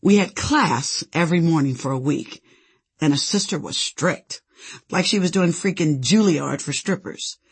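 A woman's voice: low voice, a little slow, husky. A woman narrating her own memoir with sassy, conversational storytelling. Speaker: author and narrator.

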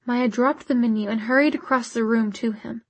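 A woman narrating a novel in a measured, even storytelling manner. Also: on the high side, dry recording. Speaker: audiobook narrator. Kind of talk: scripted narration.

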